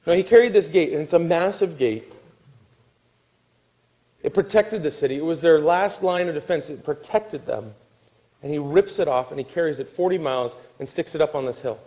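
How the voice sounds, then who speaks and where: Animated male preacher with a mellow voice. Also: fairly high pitch, moderate pace, low-quality recording. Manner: animated storytelling, acting out quotes, dropping to a soft hush. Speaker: pastor. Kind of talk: sermon.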